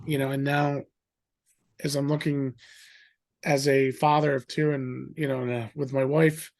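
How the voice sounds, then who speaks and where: A middle-aged man telling a story in a rambling, animated way, acting out the voices of others. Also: medium pitch, a little slow, creaky. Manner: animated, acts out quoted voices; rambling with fillers and restarts. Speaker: guest. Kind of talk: casual storytelling.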